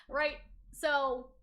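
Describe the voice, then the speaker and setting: A woman hosting a casual review chat who talks in an animated way, laughs often and acts out characters' lines. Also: high voice, a little hiss or hum. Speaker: video host.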